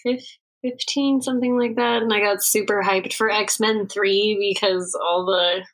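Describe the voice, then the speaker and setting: A young woman co-hosting a casual podcast, drawling along at an unhurried pace. She rambles from one thought to the next, swears casually and laughs often. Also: medium pitch, steady tone, fairly bright tone, rough recording. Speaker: podcast co-host. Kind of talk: casual chat.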